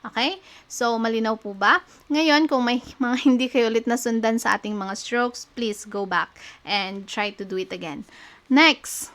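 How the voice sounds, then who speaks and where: A woman's voice: a little high, moderate pace, a bit bright. A young woman with a Filipino accent teaching shorthand, patiently spelling out letters and repeating words. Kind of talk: online lesson, mixing Filipino and English.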